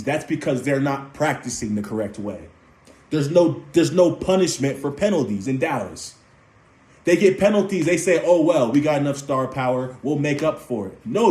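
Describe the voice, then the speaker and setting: Man, young adult, heated fan rant, repeats himself for emphasis, middle pitch, echoey room. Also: darkish tone. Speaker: sports commentator. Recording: roomy echo.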